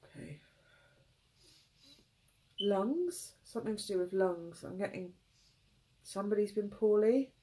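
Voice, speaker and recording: On a rough recording, a tarot reader with a medium-pitched, mellow voice reads cards for viewers while crying. Her soft, gentle phrasing halts, trails off, and begins again as she feels out the reading.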